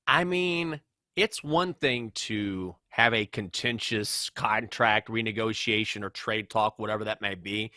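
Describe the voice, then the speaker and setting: A man co-hosting a sports podcast, talking sports in an animated, emphatic way. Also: on the low side, measured pace, no room sound. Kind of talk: casual sports talk.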